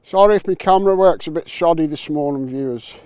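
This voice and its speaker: A man's voice: a little high, a little fast, darkish tone, smooth, dry recording. A man filming his metal detecting vlog outdoors on a windy island, joking, bantering and swearing as he goes. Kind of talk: casual vlog commentary. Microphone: camera mic with wind muff.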